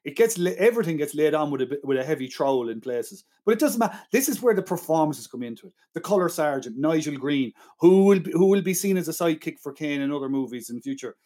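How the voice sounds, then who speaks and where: Man, somewhat high voice, enthusiastic, argumentative, casual movie talk. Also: animated, fast, hardly any pauses, dark tone. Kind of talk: casual film chat.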